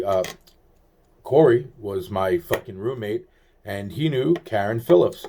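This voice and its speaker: A man's voice: lowish voice, darkish tone, slight background noise. A man telling a long personal story in a rambling monologue, full of swearing and restarted sentences. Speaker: vlogger recounting personal events.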